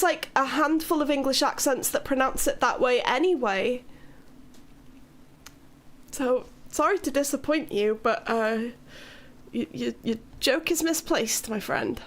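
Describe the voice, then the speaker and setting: Welsh woman streamer, young adult, high-pitched and slow-paced, playful and teasing with a casual foul mouth. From Wales. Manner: playful, teasing, swears freely. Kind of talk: casual live-stream chat with viewers.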